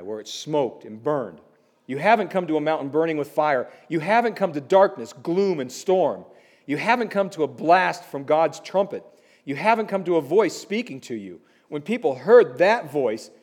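A man preaching a sermon in a conversational way, slipping in quick asides and building to emphatic warnings. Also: on the high side. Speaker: pastor.

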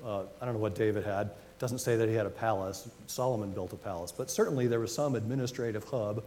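A male pastor with a warm, mellow voice, preaching in a relaxed, conversational way and slowing right down to lean on scripture. His voice rings through a church hall with a long echo, over a faint hiss. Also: lowish voice. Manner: conversational, reads scripture slowly with emphasis. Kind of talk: sermon.

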